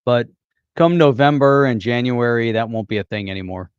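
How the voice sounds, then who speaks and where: A man's voice: medium pitch, moderate pace, clear, resonant tone, dry recording, highs cut off. A man co-hosting a casual livestream chat, laughing easily and reading viewer comments. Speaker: co-host.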